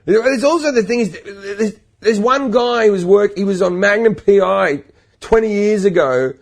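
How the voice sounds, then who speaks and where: A man's voice: high voice, normal speed. A man with an Australian accent, a guest comedian on a podcast, telling stories in a casual chat and acting out the lines he quotes. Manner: storytelling with laughs, acts out quoted lines.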